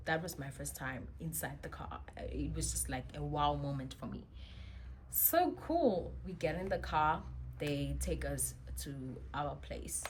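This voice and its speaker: A woman telling a personal story as a vlogger, chatty and expressive with many asides. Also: low voice, slight background noise. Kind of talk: storytime monologue.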